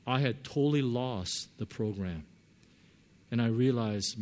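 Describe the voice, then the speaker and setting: A man preaching a sermon, telling a personal story with lively swings between loud and soft earnest tones. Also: medium pitch, a little slow. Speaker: pastor.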